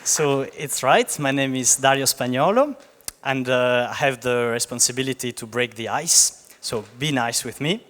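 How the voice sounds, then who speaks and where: A man's voice: medium pitch, expressive, a bit bright, some chatter behind, a little hiss or hum. A young man from Italy with an Italian accent, giving a joking conference talk full of fillers and restarts. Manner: joking, halting with many fillers. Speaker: startup founder giving a talk. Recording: long hall reverb.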